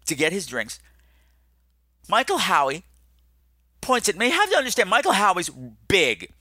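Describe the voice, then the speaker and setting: A man hosting a podcast, telling a comic story in an animated way, swinging his pitch and pace widely. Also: no echo, clean studio sound. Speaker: podcast host.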